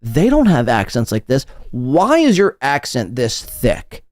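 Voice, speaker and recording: A man's voice: medium pitch, huge pitch swings, unhurried, dry recording, studio quality. A man hosting a podcast, mocking a guest's clip with crude, sarcastic commentary. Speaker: podcast host.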